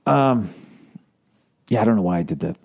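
A middle-aged man, a comedian, telling a story in a casual monologue, swearing constantly and mocking himself with animated rants. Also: low voice, rapid-fire, gravelly, husky. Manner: profane, self-deprecating, animated ranting. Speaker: comedian podcast host.

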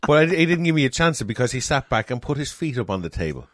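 A man's voice: medium pitch, quick pace, no room sound, clean studio sound. A man in casual chat, telling a story and acting out the other people's lines. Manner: animated storytelling, acts out customers' lines. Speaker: restaurant manager telling stories.

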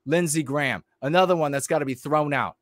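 Man, political commentator, ranting livestream, blunt and heated, stop-start delivery with fillers, fairly high voice, dry close sound. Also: brisk, no room sound.

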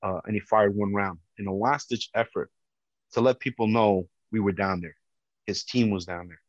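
A man with a big, loud voice, a police officer giving personal testimony. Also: lowish voice, steady tone, moderate pace, dry recording. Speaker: police officer telling his story. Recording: dull, dry lo-fi recording.

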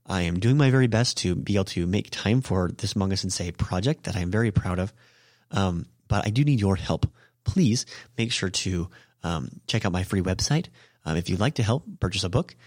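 Guy with a lowish voice teaching japanese on his podcast, lots of ums, fixes himself mid-sentence, dry sound. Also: animated, moderate pace, a little mellow, no room sound. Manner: explains with many ums and self-corrections. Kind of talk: casual podcast language lesson.

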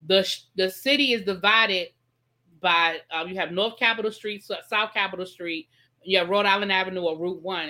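Bright-voiced woman hosting a chatty live stream. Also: mid-range voice. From Washington, D.C. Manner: chatty, explains patiently, reads out viewer comments. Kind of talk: casual live-stream chat.

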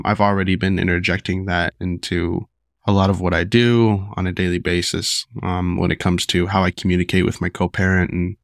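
A man hosting his own podcast, talking casually with lots of fillers and restarts while sick and rough-voiced. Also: deep voice, no echo, clean studio sound. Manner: rambling, many fillers and restarts. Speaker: podcast host. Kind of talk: casual solo podcast talk.

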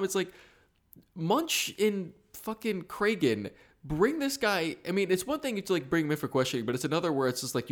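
A man co-hosting a podcast, recapping a TV episode in casual chat, swearing a lot and acting out the characters' lines. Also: mid-range voice. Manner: profane, animated, acts out quotes. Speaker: podcast co-host.

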